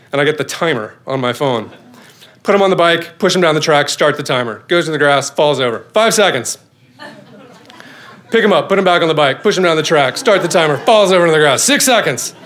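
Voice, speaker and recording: A middle-aged man, a father, telling a personal story on stage with lively, self-mocking comic timing. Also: fairly high pitch. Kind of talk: live storytelling performance.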